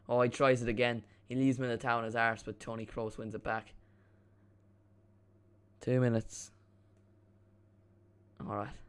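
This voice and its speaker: Young man, watchalong streamer, casual match commentary, average pitch, chatty, self-mocking. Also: pushed and bright.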